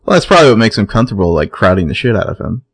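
A man's voice: fairly low pitch, sing-song, racing, husky, no echo. A man co-hosting a podcast, laid-back and wry as he recaps a TV episode. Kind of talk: casual chat.

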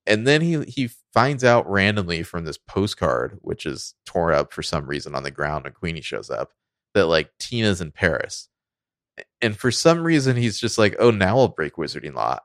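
Deep-voiced man in casual chat. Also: big pitch swings, normal speed, fairly bright tone, no room sound, clean studio sound. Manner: loose and profane, heavy use of "like". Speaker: podcast co-host. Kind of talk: casual film review chat.

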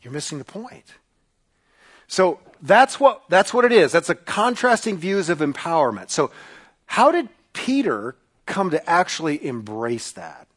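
A man delivers a sermon to a congregation with a high, bright voice. His pitch swings widely as he acts out the people in his story with animated energy. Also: a little slow. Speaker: pastor.

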